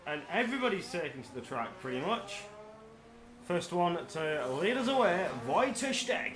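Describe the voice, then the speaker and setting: A man's voice: high voice, sing-song, normal speed. Man calling a sim race, echoey. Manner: casual, joking banter between calls. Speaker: lead commentator. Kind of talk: sim racing play-by-play commentary. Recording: echoey room with clear background noise.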